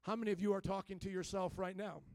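A man with a high, light voice preaching a sermon in a relaxed, chatty way. He keeps turning to the congregation with questions and informal asides. The sound is close and dry, with almost no room echo. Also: fast talker. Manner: conversational, asks the congregation questions; casual informal phrasing. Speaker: pastor. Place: church.

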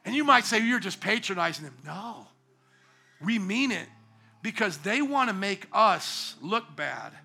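Male pastor, high bright voice, impassioned sermon delivery. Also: very animated, a little slow, vocal fry, husky, faint music behind. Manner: impassioned preaching with rising shouts. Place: church sanctuary.

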